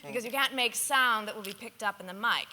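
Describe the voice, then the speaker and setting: A woman's voice: a little high, brisk, bright, forceful tone, a little hiss or hum. A woman voice actor speaking confidently and playfully on a convention panel stage. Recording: long hall reverb on stage.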